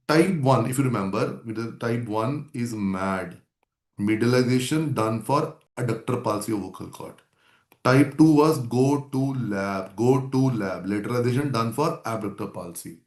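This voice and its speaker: A man gives a medical lecture and repeats the key points over and over for his students. His pitch sits in an ordinary middle range, and the room adds a noticeable echo. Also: a little mellow. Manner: repetitive, drilling key terms. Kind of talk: classroom lecture.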